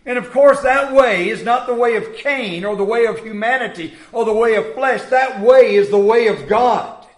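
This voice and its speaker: High-voiced preacher in an echoey church. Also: male voice, normal speed. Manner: dramatic, acts out voices of biblical figures, swings loud and soft. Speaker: pastor. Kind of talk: sermon. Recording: echoey room.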